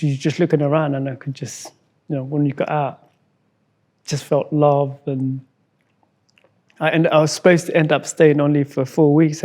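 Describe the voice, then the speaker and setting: A man from Somalia, a guest in an interview, telling a personal story in a halting way, repeating words and acting out what others said. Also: fairly high pitch, darkish tone. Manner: halting, repeats words, acts out quoted dialogue.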